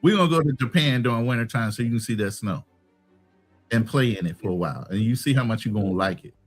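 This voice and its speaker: A man hosting a casual live chat, bantering in a relaxed, joking way. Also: medium pitch, fast talker, faint music behind. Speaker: host.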